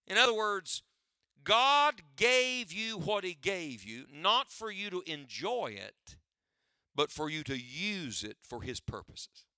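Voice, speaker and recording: A man's voice: high-pitched, bright, forceful tone, clear, resonant tone, no echo, clean studio sound. A man preaching a sermon to his church, using a preacher's cadence and rhetorical questions, often asking listeners to write down his points. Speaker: pastor.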